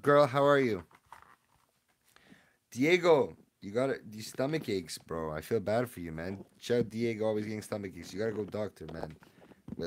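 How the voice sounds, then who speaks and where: A young man hosting a casual livestream from his room at home, chatting in relaxed slang and jumping from quiet mumbles to sudden loud yells. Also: lowish voice, a little hiss or hum. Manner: laid-back slangy banter with chat. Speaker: livestream host opening card packs.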